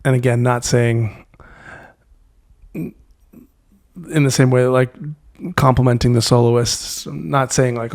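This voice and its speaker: A man guest on an interview podcast, speaking reflectively and halting often to search for words. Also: mid-range voice, fairly even intonation, a little mellow. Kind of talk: reflective conversation.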